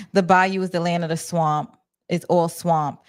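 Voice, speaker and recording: A woman's voice: lowish voice, steady tone, a little slow, clean tone. A woman from New York with a New York accent, chatting casually on a livestream to her viewers from her office. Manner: chatty, talks to her chat, restarts and fillers. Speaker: livestream host.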